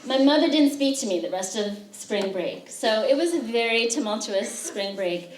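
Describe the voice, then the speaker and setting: A woman's voice: a little high, expressive, moderate pace. A woman poet giving a reading, telling humorous stories with frequent fillers between poems to students in a lecture room. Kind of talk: poetry reading with spoken anecdotes. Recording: roomy sound, voice distant from the mic.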